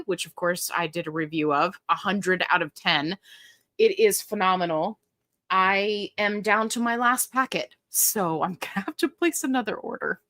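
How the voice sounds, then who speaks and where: Upbeat woman livestream host, bright tone, dry close sound, chatty pace. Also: mid-range voice, no room sound. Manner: chatty, upbeat, reads viewer comments aloud. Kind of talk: casual live Q&A chat.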